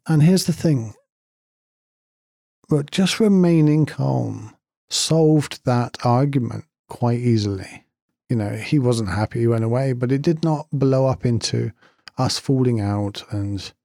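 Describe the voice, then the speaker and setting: A man gives an earnest, reflective talk and leans on repetition to drive his points home. His voice is warm and mellow, sitting at an ordinary pitch for a man. The recording is dry and close, with no room sound. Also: vocal fry, no room sound. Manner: storytelling, earnest, repeats points for emphasis.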